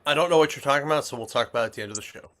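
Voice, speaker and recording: A man's voice: mid-range voice, rapid-fire, a bit bright. A man hosting a casual comic shop podcast, rambling with lots of fillers and restarts. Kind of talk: casual chat.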